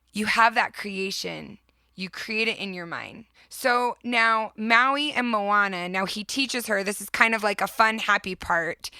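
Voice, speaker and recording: A woman's voice: mid-range voice, sharp tone, no echo. A woman hosting a podcast, retelling a story with heartfelt enthusiasm in a casual, reflective way. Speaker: podcast host.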